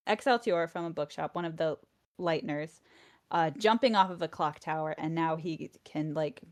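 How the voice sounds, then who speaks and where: Lower-pitched woman in chatty recap. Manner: chatty, animated retelling with many fillers. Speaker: presenter of a podcast recap. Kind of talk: casual chat.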